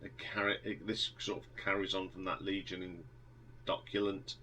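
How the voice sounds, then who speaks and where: A man's voice: low-pitched, flat delivery, normal speed, pushed and bright, slight background noise, poor audio. A man talking casually as he ranks a band's albums, rambling with many ums and restarts, enthusiastic. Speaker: music reviewer. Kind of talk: casual album review monologue.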